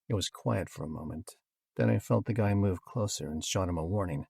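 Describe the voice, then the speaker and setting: Male audiobook narrator, husky voice, dry studio sound, wry storytelling delivery. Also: sits low, a little fast, darkish tone, no echo.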